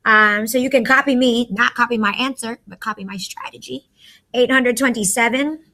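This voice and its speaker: A woman's voice: fairly high pitch, moderate pace, bright, forceful tone. A woman teacher in a recorded math lesson, chatty and talking through each step aloud to her students.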